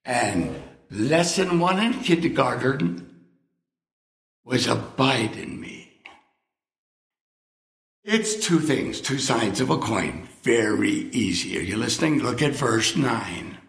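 A man's voice: medium pitch, sing-song, slow pace, gravelly, long pauses, a bit bright, reverberant. A man preaching a sermon in a conversational, emphatic way, now and then raising his voice. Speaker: pastor.

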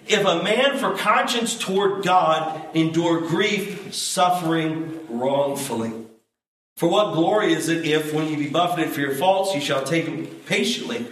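A man preaching a conversational sermon as a pastor, building up loud and high when he stresses a point. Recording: echoey hall, from far off.

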